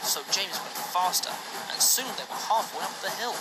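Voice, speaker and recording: A woman reading a children's train story aloud in an expressive storytelling style. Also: medium pitch, moderate pace, over loud music, poor audio.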